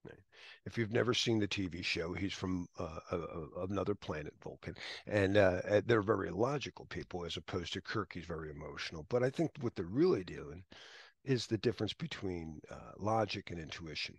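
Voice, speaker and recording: Male instructor, lecture, chatty, gravelly voice, husky, dry sound. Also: low-pitched, animated, a little fast, no echo. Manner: chatty, anecdotal, laughs often. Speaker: exam prep instructor. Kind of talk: classroom lecture.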